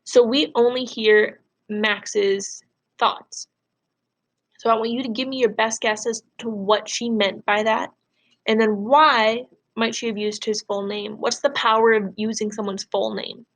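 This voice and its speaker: A woman teacher reads a first-person novel aloud in a measured, expressive way, then turns to her students with a question. Her voice sits a little higher than average for a woman.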